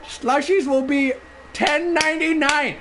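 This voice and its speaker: A man putting on an excitable male convenience-store clerk with an Indian English accent, talking in a sing-song, exclamatory way. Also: extremely high pitch, measured pace, noisy background, pitched above the performer's own voice. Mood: boastful. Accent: Indian English impression.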